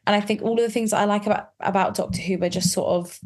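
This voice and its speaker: A woman's voice: medium pitch, steady tone, quick pace, a little mellow. A woman guest on a casual podcast chat, talking in a chatty, reflective way and often qualifying herself.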